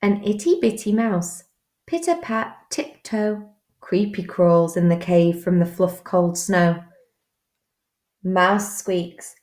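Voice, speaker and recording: A woman teacher reading a children's picture book aloud, slow and expressive. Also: fairly low pitch. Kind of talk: storybook read-aloud. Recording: roomy echo.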